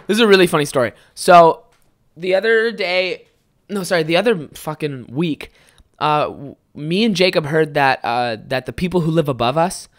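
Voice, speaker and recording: A young man with a fairly high voice hosting a casual solo podcast, rambling and swearing a lot as he tells stories. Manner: rambling, heavy swearing, animated storytelling. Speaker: podcast host.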